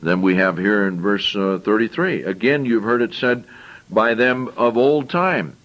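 A man's voice: fairly low pitch, a little slow, fairly bright tone, muffled recording. A man preaching a sermon. He reads scripture aloud and explains it in plain, conversational asides, often repeating and restarting phrases.

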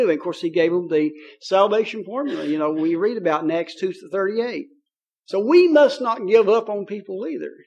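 Man, high-pitched voice, preacher, sermon, folksy conversational delivery, reads scripture aloud. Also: expressive, a little mellow. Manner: folksy and conversational, paraphrasing scripture in plain talk; reads scripture aloud, slowing on key phrases.

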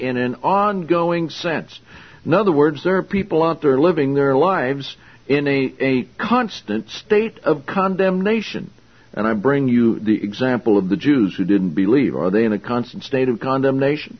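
A male preacher delivers a sermon in a husky voice with a lively, swooping pitch. He is blunt and confrontational and fires off rhetorical questions. The recording is slightly dull and lo-fi. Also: measured pace. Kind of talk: sermon, Bible exposition.

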